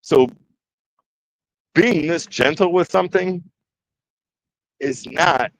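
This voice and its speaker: A man from around Detroit, Michigan, with a fairly high-pitched voice, speaks slowly over a little hiss or hum in rough audio. Hosting a casual woodworking stream, he jokes, reads chat comments out loud and voices his nerves.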